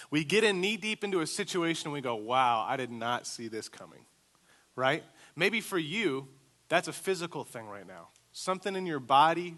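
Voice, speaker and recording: A young male pastor delivers a sermon built around a childhood story. His voice is fairly high and bright, and he slips into the voices of the people he is describing as he goes.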